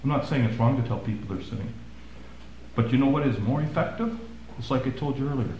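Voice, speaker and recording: A male pastor preaching a sermon, swinging from loud emphasis to hushed, quiet asides. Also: mid-range voice, fast talker, very echoey, dull audio, a little hiss or hum.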